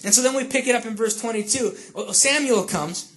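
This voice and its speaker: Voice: mid-range voice, fairly quick, a bit bright. A pastor giving a conversational sermon, checking in with the listeners and acting out the characters of the story. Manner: chatty, checks in with listeners with frequent asides; retells scripture by acting out the characters.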